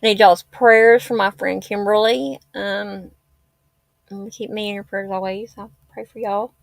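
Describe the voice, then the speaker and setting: A woman's voice: medium pitch, steady tone, a little slow, gravelly, dry recording. A woman, rambling and heartfelt in a tearful casual livestream chat. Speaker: livestream host. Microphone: laptop or phone mic.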